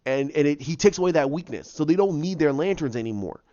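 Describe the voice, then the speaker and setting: A man's voice: a little high, expressive, fast talker, dark tone, dry recording, muffled recording. A man casually retelling his own movie idea, rambling with many restarts and repeated words. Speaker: fan pitching his own movie plot.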